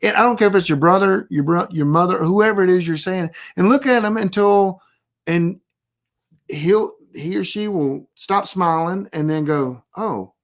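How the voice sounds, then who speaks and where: Laid-back prep-class teacher who rambles and restarts but turns blunt and deadpan on key points. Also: medium pitch, normal speed. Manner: rambling, self-interrupting, anecdotal. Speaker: preparedness class instructor. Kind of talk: casual live online class.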